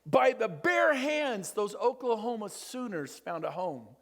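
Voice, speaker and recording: Animated man preaching motivation. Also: a little slow. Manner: animated, preachy, jumps between loud bursts and low asides. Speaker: motivational speaker. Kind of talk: motivational seminar talk. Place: conference room.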